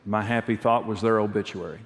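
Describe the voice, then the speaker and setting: A man's voice: fairly low pitch, fairly even intonation, fairly quick. A middle-aged man preaching a sermon, telling personal stories candidly and earnestly, often repeating a phrase for emphasis. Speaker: pastor and marriage teacher. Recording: long hall reverb.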